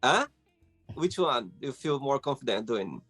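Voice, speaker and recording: A male host keeps the conversation moving with short questions and quick words of encouragement. His voice sits at a mid pitch for a man, with soft music playing faintly behind him. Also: big pitch swings. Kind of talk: interview questions.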